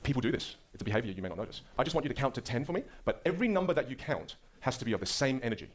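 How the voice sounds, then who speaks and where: A man with an Australian accent coaching a student on speech, energetic and jokey. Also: mid-range voice, rapid-fire. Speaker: speaking coach. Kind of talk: lively coaching demonstration.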